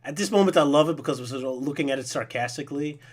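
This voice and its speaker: A man's voice: fairly high pitch, racing. A young man co-hosting a casual podcast chat, laughing often and giving his opinions with enthusiasm. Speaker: podcast co-host.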